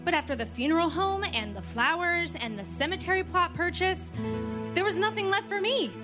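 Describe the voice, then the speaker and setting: A woman voices a greedy grown daughter in a comedy ad, her voice very high. She whines with self-pity. Music plays behind her. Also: animated, moderate pace. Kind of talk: comedy ad sketch.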